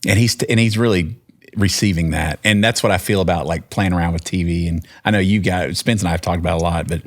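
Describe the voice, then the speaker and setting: A man's voice: low-pitched, steady tone, fast talker. A man with a Texan accent telling a long personal story in casual conversation, rambling with restarts and acted-out quotes. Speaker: podcast guest, singer-songwriter.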